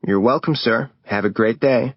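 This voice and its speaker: A man's voice: medium pitch, moderate pace, slightly rough, dry recording, pitched above the performer's own voice. A man voicing a polite, formal hotel receptionist. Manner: polite, formal, slightly dry. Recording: dull lo-fi recording.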